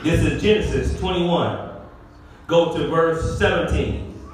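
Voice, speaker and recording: A middle-aged male pastor preaching a sermon with call-and-response to his congregation, sometimes rising to shouts. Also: on the high side, takes it slowly, slight background noise. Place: church sanctuary. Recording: echoey hall, far from the mic.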